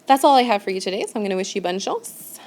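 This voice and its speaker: A woman's voice: mid-range voice, animated, quick pace, darkish tone. A woman teaching French grammar in a recorded lesson. She explains step by step and often checks in with "okay?".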